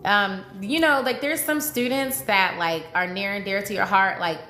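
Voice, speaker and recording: Speaking at a normal speed with a bright, forceful, mid-range voice, this woman is a dating coach chatting live with viewers. She pleads, reassures, and repeats herself with visible emotion. Faint noise and room echo color the audio.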